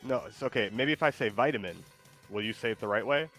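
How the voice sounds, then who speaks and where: A man's voice: medium pitch, quick pace, fairly bright tone, faint music behind. A man streaming a game and chatting casually, rambling with lots of likes and false starts. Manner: rambling, full of likes and restarts. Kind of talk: casual chat while gaming.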